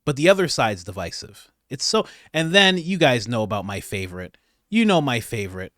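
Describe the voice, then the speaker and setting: Brief: male comedian, lively swooping delivery, dry close mic. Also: medium pitch, moderate pace, no room sound. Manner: animated, laughing, incredulous. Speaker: comedian commentator. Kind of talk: comedic political commentary.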